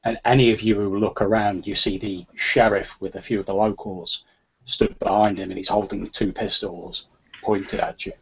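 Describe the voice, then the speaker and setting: Husky low-voiced male game master, dull online call sound. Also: little pitch movement, normal speed. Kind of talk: narrating a tabletop game.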